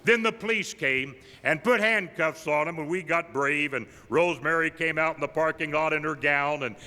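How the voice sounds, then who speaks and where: An older man, an evangelist, tells humorous personal stories at a tribute, delivering his punchlines deadpan. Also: on the high side, normal speed. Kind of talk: folksy storytelling tribute. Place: large camp meeting hall. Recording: live in a big reverberant hall.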